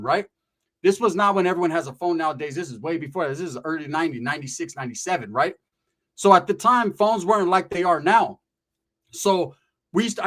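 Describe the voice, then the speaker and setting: A man's voice: high-pitched, fairly bright tone. A middle-aged man casually telling a profane, streetwise story from his past, often tagging his lines with "right?".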